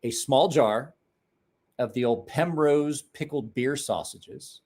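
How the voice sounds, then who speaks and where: A man's voice: mid-range voice, slow, a little mellow. A tired man in his forties from Ohio, hosting a late-night livestream and telling rambling, profane stories with acted-out quotes. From Ohio, USA. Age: 40s. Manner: rambling, profane, folksy storyteller who acts out quotes. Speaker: livestream host. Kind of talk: casual late-night livestream chat and storytelling.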